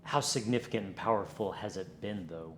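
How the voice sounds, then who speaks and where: A man hosting an interview, asking measured, reflective questions. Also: on the low side, a bit bright, a little hiss or hum. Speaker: podcast host. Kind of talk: conversational interview.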